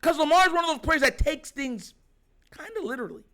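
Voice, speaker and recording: A man hosting a sports talk show, giving animated casual reaction commentary and laughing often. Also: very high-pitched, brisk. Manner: animated, excitable, laughs often, mimics players.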